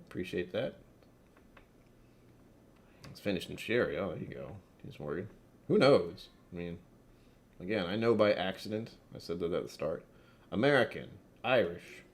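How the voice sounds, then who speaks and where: Wry low-voiced man with lively pitch. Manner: wry, self-mocking, chatty asides to chat. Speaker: whiskey tasting livestream host. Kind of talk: casual livestream chat with viewers.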